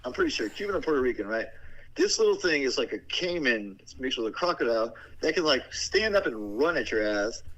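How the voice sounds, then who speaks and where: A man's voice: medium pitch, big pitch swings, brisk, a bit bright, muffled recording. A man in casual, profane chat, telling rowdy stories and acting out the voices of people and animals. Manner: rowdy storytelling, acts out voices, swears constantly.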